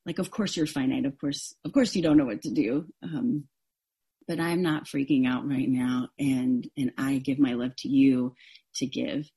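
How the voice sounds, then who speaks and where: A woman's voice: a bass voice, steady tone, moderate pace, mellow, husky. A woman pastor giving a sermon, earnest and openly vulnerable, often restarting her sentences. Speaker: interim co-pastor.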